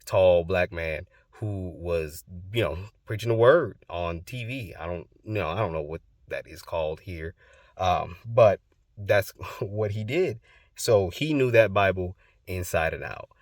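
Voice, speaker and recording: A man's voice: sits low, unhurried, dry recording, studio quality. A young man hosting his channel, telling a personal story in a loose, rambling way with many fillers. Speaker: host.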